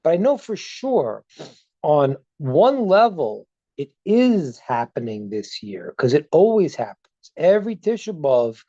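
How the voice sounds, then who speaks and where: A man's voice: a little high, big pitch swings, measured pace, warm tone, dry recording, muffled recording. A man teaching as a rabbi over a video call, earnest, repeating words as he builds a point and retelling stories with dialogue. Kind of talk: Zoom teaching talk.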